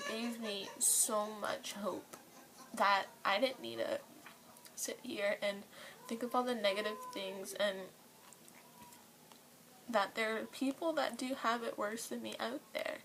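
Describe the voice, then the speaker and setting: A young woman from New Orleans, speaking in a soft, often whispery voice, earnest and gushing in a personal vlog recorded at home. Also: mid-range voice, vocal fry, slight background noise, low-quality recording. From New Orleans, USA.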